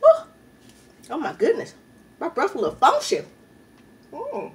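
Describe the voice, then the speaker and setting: A woman's voice: high-pitched, wildly swooping pitch, measured pace, recorded from a distance. A woman hosting a mukbang video at home, chatting in slang between bites and laughing often. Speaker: YouTube mukbang host. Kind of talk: casual eating-show chat.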